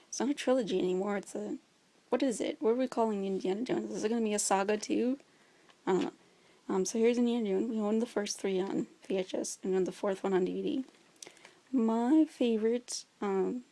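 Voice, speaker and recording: A young woman talks through her favorite films in a relaxed, chatty way. Her voice is mellow and warm rather than bright, with an even middle pitch. She gushes with enthusiasm and fills her pauses with ums. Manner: chatty, enthusiastic, many fillers. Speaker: vlogger. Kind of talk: casual chat about favorite movies.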